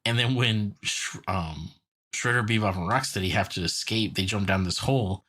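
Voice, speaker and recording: A man's voice: on the low side, normal speed, sharp tone, breathy edge. A young man co-hosting a casual podcast, animatedly retelling a cartoon episode with lots of filler words. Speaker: podcast co-host.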